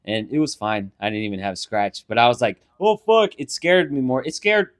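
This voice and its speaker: Young man telling stories, foul-mouthed and animated. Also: mid-range voice, brisk. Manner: animated storyteller, swears a lot, acts out scenes. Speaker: podcast co-host. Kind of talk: casual podcast chat. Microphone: handheld mic.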